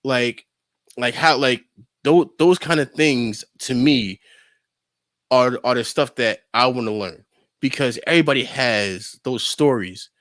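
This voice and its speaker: A young man on a podcast, casually telling a lively story and acting out his friends' lines, with lots of filler words. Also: medium pitch, unhurried, no room sound, studio quality. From New York. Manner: animated storyteller, acts out friends' voices, lots of "like". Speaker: podcast co-host.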